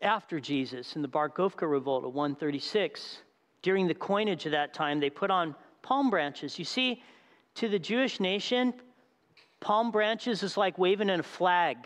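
A man delivers a sermon with a fairly high voice, his words ringing through the long reverb of a large hall. He is animated, asks the crowd questions and acts out the scenes he describes. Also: moderate pace. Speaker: pastor.

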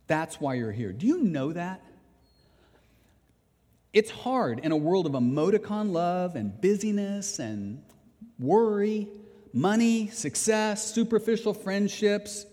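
Earnest male pastor in a reverberant hall. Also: a little high. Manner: animated storytelling, earnest and emphatic. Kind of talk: sermon. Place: church sanctuary.

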